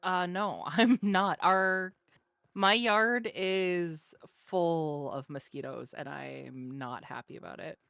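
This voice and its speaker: A woman's voice: lowish voice, slow, vocal fry, fairly bright tone, no room sound. A woman playing a co-op game with a friend, making dry, wry remarks. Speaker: co-op gaming partner. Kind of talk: casual co-op gameplay chat.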